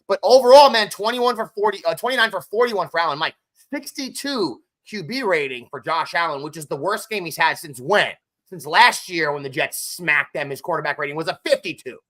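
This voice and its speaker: A man's voice: on the high side, pushed and bright. A man co-hosting a casual sports podcast, talking animatedly and often turning to his co-host by name.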